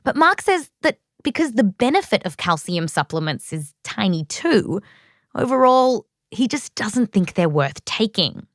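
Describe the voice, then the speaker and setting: A woman's voice: mid-range voice, very animated, a little slow, no room sound, studio quality. A woman with an Australian accent hosting a science podcast, narrating from a script and interviewing with a playful, jokey manner. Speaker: podcast host.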